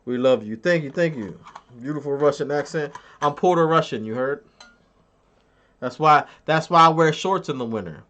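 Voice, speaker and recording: A man's voice: fairly high pitch, normal speed, bright, forceful tone, dull audio. A man on a live stream, reading his chat aloud and bragging in a crude, joking way.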